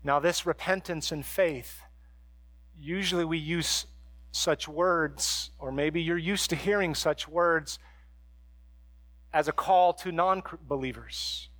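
A man preaching a sermon as a pastor, moving between hushed, quiet stretches and emphatic, raised passages. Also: on the high side, slow pace, dry recording.

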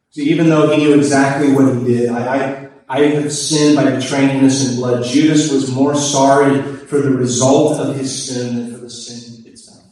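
A man's voice: mid-range voice, a little mellow. A man preaching a sermon at a church service, emphatic and repeating his key phrases, in an echoey, distant recording. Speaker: pastor.

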